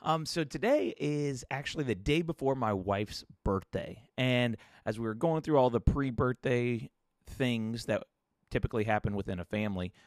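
A man in his thirties hosting a solo podcast, telling family stories in a relaxed way with fillers, and whispering when he quotes someone. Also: lowish voice, no echo, clean studio sound. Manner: casual storytelling with fillers and restarts, sometimes whispering quotes. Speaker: podcast host.

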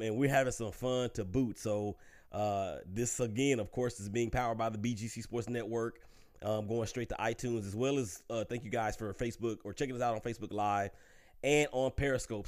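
A man hosting a casual interview show, talking in a chatty, playful, upbeat way. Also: mid-range voice. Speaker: show host.

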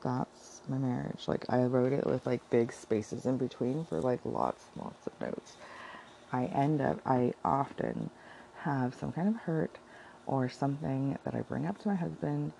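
Rambling woman with heavy vocal fry. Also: rumbling low, measured pace, mellow, slight background noise, rough recording. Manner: rambling, filler-heavy, self-correcting. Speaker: vlogger sharing Bible devotions. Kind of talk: casual devotional chat.

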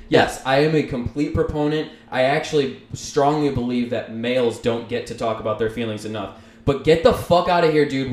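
A man's voice: mid-range voice, darkish tone. A man co-hosting a podcast, ranting heatedly in casual chat and swearing often. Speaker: podcast co-host. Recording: roomy echo.

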